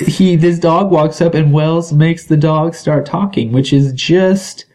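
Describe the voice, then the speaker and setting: A man's voice: a little high, steady tone, a little slow, a little mellow. A man co-hosting a podcast, chatting casually and wryly about a TV show, often laughing. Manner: wry, joking, laughs often. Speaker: podcast co-host. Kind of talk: casual chat recapping a TV show.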